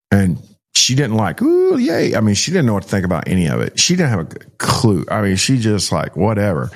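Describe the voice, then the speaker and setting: Middle-aged male pastor, vivid storyteller, acts out the exchanges, mid-pitched voice. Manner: animated storytelling, acting out dialogue with many "like" fillers. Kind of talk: personal story told in an interview.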